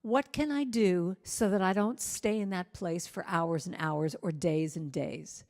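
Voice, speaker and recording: A woman's voice: fairly low pitch, unhurried. Candid woman telling a story in a hall. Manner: candid and self-deprecating, soft when quoting gentle words. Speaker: reverend and singer-songwriter. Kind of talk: personal storytelling talk.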